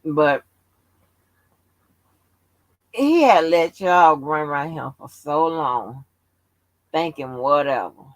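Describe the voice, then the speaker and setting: A woman's voice: low-pitched, lively intonation, slow, long pauses, no room sound, low-quality recording. A woman hosting a casual live stream, brash and profane, teasing and needling her chat commenters. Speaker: livestream host.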